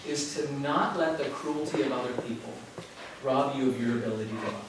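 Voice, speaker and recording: A man giving a relaxed, conversational spiritual talk to a yoga class, telling stories and chuckling often. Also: mid-range voice, fairly quick. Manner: conversational, storytelling with frequent chuckles. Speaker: teacher. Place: yoga studio. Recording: very echoey room from far off, faint noise.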